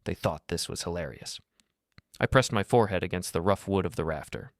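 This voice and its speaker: A middle-aged man narrating a first-person story in a steady, grave, measured way. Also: low voice, no room sound, studio quality.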